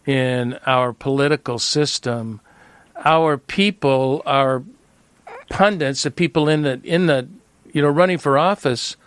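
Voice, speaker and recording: A man's voice: medium pitch, measured pace, clear, resonant tone, no echo. A man hosting a reflective conversation, affirming and thoughtful as he draws out his guest. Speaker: host.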